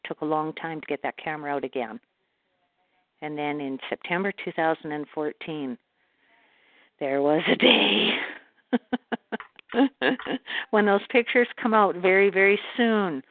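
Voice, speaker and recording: Woman from Canada, low-pitched guest. Calm channeled talk, speaks of herself in the third person. Phone-line sound. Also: measured pace, long pauses, dry recording. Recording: phone-like call audio.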